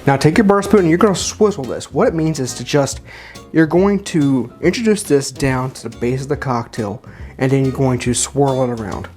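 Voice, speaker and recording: A man's voice: medium pitch, moderate pace, darkish tone, faint music behind. A man chattily walking through a cocktail tutorial at a home bar, informal and full of fillers and restarts. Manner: chatty and informal, with many fillers and self-corrections. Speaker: home bartender demonstrating cocktails.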